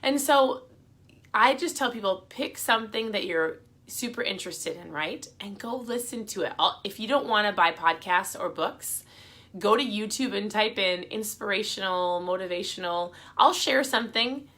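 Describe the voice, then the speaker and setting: A middle-aged woman talks to her viewers in a casual, encouraging way. Her voice is bright and forward, and her pitch sits in an ordinary middle range. She sounds chatty and upbeat as she hands out motivational tips. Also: lively intonation, normal speed. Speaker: vlogger giving motivational advice. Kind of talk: casual motivational talk to camera.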